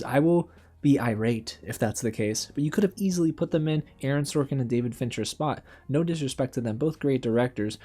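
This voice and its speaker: A young man hosting a casual film reaction show, animated and exasperated, talking straight to his viewers. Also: mid-range voice. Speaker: film critic and channel host.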